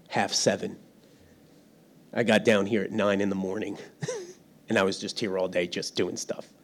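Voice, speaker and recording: A man's voice: fairly low pitch, a little mellow. A middle-aged man preaching a sermon in a church hall, telling stories about himself and laughing often. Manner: storytelling, self-deprecating, laughs often. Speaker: pastor. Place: church hall without windows.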